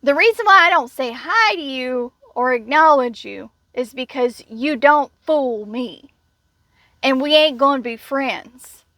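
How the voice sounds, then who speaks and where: A woman's voice: high-pitched, expressive, a little slow, pushed and bright, no room sound. A woman telling a story in a casual vlog rant, blunt, indignant and sarcastic. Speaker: vlogger.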